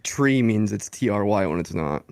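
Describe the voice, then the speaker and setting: A man's voice: fairly low pitch, animated, moderate pace, gravelly, darkish tone, no echo. A man co-hosting a podcast, chiming in with short casual remarks. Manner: short interjections and backchannel. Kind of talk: casual chat.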